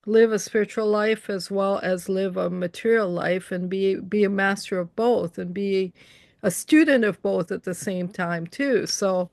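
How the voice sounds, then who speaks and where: Earnest woman from Canada, gravelly edge. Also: medium pitch, measured pace, darkish tone, no echo, studio quality. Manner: earnest storytelling about spiritual experiences. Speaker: interviewer. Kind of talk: casual online conversation. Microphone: video call.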